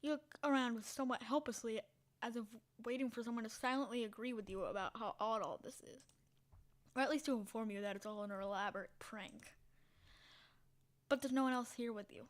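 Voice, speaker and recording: A woman with a fairly high voice narrates a text game aloud, giving the prose a dramatic reading. Now and then she drops into a whisper, and she breaks off between passages with quick spoken asides. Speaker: game streamer.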